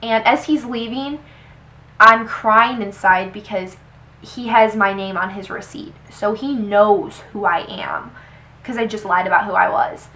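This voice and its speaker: A young woman vlogger telling a personal story to the camera. She talks in an animated way and quotes people with "he's like.". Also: medium pitch, unhurried, poor audio. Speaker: beauty vlogger. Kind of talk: storytime vlog.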